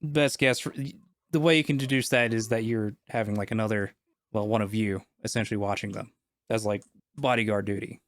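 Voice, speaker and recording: A man's voice: lowish voice, steady tone, brisk, dry recording. A man narrating as game master of a tabletop game, casual with many fillers.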